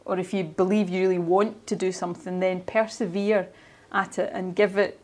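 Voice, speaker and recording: A woman's voice: on the low side, level tone, moderate pace, darkish tone. A Scottish woman in her forties, earnest and encouraging, giving a motivational talk to young players and often restarting phrases. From Ayrshire, Scotland. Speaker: guest speaker.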